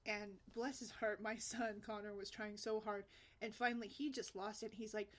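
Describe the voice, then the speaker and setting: A woman's voice: mid-range voice, flat delivery, normal speed. A woman blogger casually telling a personal family story, rambling with fillers and frequent laughter. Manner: chatty, rambling, laughs often, many fillers. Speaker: single mom blogger.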